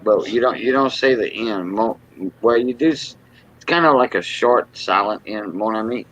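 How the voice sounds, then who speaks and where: A man from Southwest Louisiana with a Cajun accent, talking in a halting, patient way in a casual memorial chat. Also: fairly low pitch, a bit bright. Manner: halting, explains things patiently. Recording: dull lo-fi online audio.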